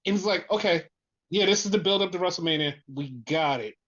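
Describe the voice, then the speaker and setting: A man co-hosting a casual wrestling review podcast, telling the story excitedly, with lots of swearing and repetition. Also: high voice, brisk, dull audio. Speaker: podcast co-host.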